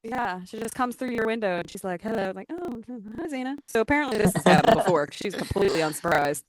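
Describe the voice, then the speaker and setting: A woman's voice: mid-range voice, quick pace, low-quality recording. A woman co-hosting a podcast, chatting casually and animatedly retelling scenes, acting out the characters' lines with lots of laughter. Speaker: podcast co-host. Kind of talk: casual recap chat.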